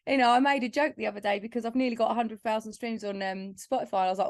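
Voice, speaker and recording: A woman's voice: mid-range voice, fast talker, hardly any pauses, no echo, studio quality. Candid English woman from Essex. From Essex, England. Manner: candid, heartfelt storytelling with filler "like". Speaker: singer-songwriter guest. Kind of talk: casual podcast interview.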